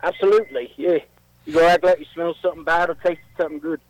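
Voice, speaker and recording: A caller putting on a cheeky Cockney-style pub regular. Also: male voice, sits high, moderate pace, dry recording. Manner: mock British accent, jokey. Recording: phone line.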